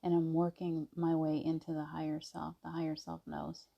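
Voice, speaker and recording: Gentle low gravelly woman greeting viewers. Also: monotone, normal speed, muffled recording. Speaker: live stream host. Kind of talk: casual spiritual chat on a live stream. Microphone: device mic on a video stream.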